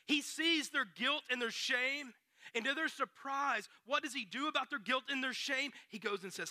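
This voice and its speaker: A man preaching a storytelling sermon, dramatic and dropping to hushed near-whispers for emphasis. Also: very high voice, normal speed, no echo, studio quality.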